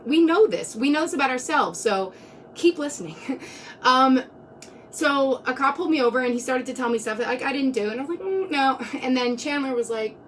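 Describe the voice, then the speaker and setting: A woman's voice: sits high, fairly quick, fairly bright tone, recorded from a distance, slight background noise. A woman in her twenties telling a personal story casually on a live stream, rambling with many fillers. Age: 20s. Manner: rambling, many "like"s, laughs between lines. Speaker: vlogger.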